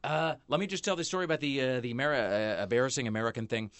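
Fast-talking rambling man. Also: medium pitch, fairly bright tone, clean tone, dry recording. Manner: rambling storyteller, many fillers and restarts. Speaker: podcast host. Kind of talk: casual chat. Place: small studio.

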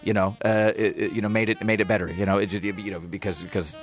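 A man hosting a podcast in casual chat, rambling and animated, with many restarts and fillers. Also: lowish voice, fast, soft background music. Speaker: podcast host.

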